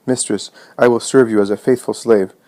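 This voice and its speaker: A man reading the part of a loyal male servant, quiet and obedient, in a low voice. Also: fairly even intonation, fairly quick, natural voice.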